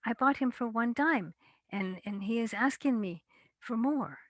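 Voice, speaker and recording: A woman's voice: a little high, expressive, a little slow, dry recording. A woman voicing a selfish, ungrateful master in a folktale, scornful and indignant.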